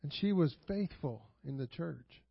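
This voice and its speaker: A man's voice: fairly high pitch, lively intonation, a little slow, vocal fry, husky, no room sound, highs cut off. A man preaching a sermon to his church, telling stories in a conversational way, chuckling often and asking the congregation rhetorical questions. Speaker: pastor. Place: church sanctuary.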